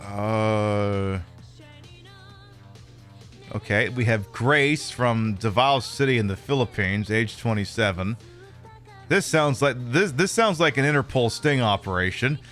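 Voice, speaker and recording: A man streaming a video game, reading from it and making wry, deadpan asides. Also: lowish voice, slow pace, faint music behind. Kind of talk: playing and commenting on a video game.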